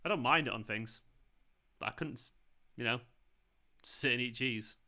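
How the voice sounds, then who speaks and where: A man's voice: medium pitch, moderate pace, pushed and bright. Chatty Mancunian man hosting a football stream. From England. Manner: chatty, rambling, reads out chat comments. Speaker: fan channel host. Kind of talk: casual live watchalong chat. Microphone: earphones with mic.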